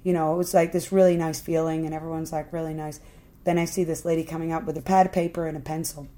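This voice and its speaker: Young woman, street performer guest, animated storyteller, swears, acts out quotes. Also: sits low, quick pace.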